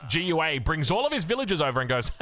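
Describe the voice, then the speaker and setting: An Australian man giving excitable, chatty live commentary on a strategy game as caster, with joking asides. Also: fairly high pitch, quick pace. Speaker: esports caster.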